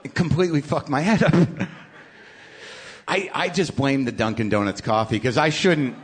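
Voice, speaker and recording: A middle-aged man hosting a live podcast, telling a profane, exasperated comic story in sudden loud bursts. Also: mid-range voice, normal speed. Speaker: podcast host. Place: live stage show. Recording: live venue with faint noise.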